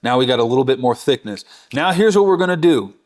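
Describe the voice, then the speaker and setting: A man's voice: mid-range voice, lively intonation, fast talker, darkish tone. A man in his thirties hosting a barbecue channel, talking through a hands-on cooking demonstration in an enthusiastic, chatty way and correcting himself as he goes.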